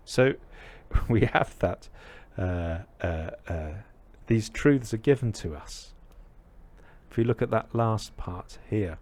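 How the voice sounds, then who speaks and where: A man giving a reflective dharma talk, telling a parable with many pauses and fillers. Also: deep voice, a little mellow. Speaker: Buddhist teacher.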